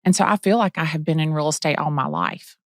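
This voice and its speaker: Deep-voiced bubbly middle-aged woman. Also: fast, dry recording, clean studio sound. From Atlanta area. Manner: bubbly, animated, acts out quotes. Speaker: real estate agent, guest. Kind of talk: casual interview storytelling.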